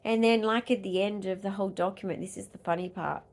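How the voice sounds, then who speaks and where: A woman's voice: steady tone, quick pace, hardly any pauses. Furious Australian woman ranting on camera. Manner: furious, swearing, swinging between loud outbursts and low muttering. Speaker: vlogger and disability advocate. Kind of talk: angry vlog rant.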